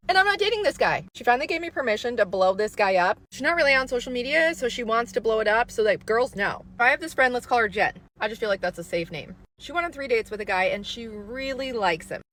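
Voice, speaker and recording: Casting note: woman with a somewhat high voice, gossipy storyteller, animated asides. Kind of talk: casual storytime monologue.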